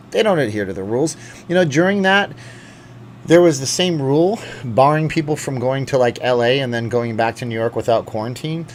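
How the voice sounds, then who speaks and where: A man's voice: mid-range voice, a little hiss or hum. A man from Canada hosting a casual live stream, rambling and jokey, reading out viewer chats.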